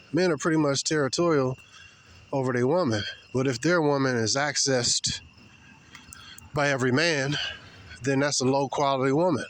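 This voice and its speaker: A man's voice: medium pitch, a little hiss or hum. Blunt man rambling outdoors. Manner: blunt, rambling, with many fillers and repeats. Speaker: vlogger. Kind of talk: opinionated monologue. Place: outdoors, walking past people.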